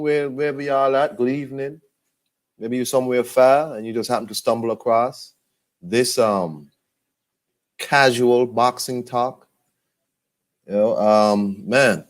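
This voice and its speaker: Laid-back rambling man, low voice. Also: darkish tone. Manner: rambling, laid-back, lots of fillers and restarts. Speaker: boxing vlogger. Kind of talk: casual monologue.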